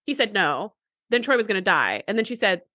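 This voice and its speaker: Quick-talking woman podcast co-host. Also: mid-range voice, big pitch swings, bright, forceful tone, dry recording, studio quality. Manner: chatty, quotes characters in quick re-enactments. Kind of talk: casual chat.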